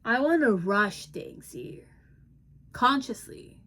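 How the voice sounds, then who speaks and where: A woman's voice: medium pitch, lively intonation, slow pace. A woman giving a casual tarot reading, voicing in first person the person the cards describe. She rambles with hesitations and self-corrections and often laughs at what she reads. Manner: amused, breaks into laughter. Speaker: tarot reader.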